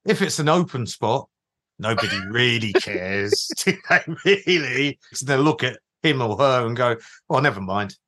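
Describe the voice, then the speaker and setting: Male podcast co-host, wry and relaxed, voice getting hoarse, mid-pitched. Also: a little slow. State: losing his voice. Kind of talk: casual podcast chat.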